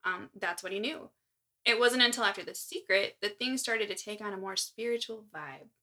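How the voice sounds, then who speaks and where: Woman, podcast co-host, bright tone, storytelling with wry asides. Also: medium pitch, moderate pace. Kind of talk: casual chat, reading from notes.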